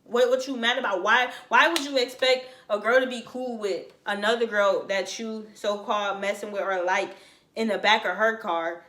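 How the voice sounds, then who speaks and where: Animated young woman telling a story, slangy. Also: mid-range voice, moderate pace. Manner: animated, slangy, acts out other people's lines. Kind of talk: casual storytime. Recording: echoey room.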